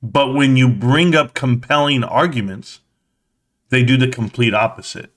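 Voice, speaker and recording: A man's voice: mid-range voice, unhurried, fairly bright tone. A man in his thirties hosting a casual stock market livestream, reading chat aloud in a blunt, mocking way, swearing and laughing often, a little tired. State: tired, yawning.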